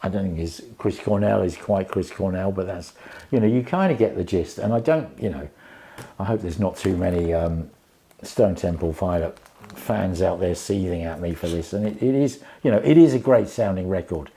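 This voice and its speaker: A man's voice: low-pitched, normal speed, warm tone. A man casually reviewing a vinyl album, rambling with many fillers and restarts.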